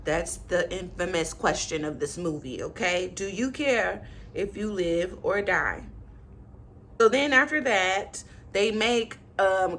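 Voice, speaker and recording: Bright-voiced sassy woman film reviewer. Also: medium pitch. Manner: animated, sassy, laughing asides, rhetorical questions. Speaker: movie reviewer, channel host. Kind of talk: casual, chatty commentary.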